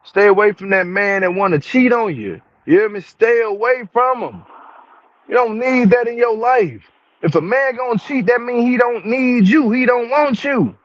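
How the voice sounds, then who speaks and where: A higher-pitched young man rants to his viewers in heavy slang, hammering the same points again and again. He is getting angry as he talks. The sound is dull and lo-fi, with a dry, close feel and no room echo. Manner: emphatic, slangy, repeats himself, addresses viewers as y'all. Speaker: reality TV commentary vlogger. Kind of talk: casual commentary rant. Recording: dull, dry, lo-fi home recording.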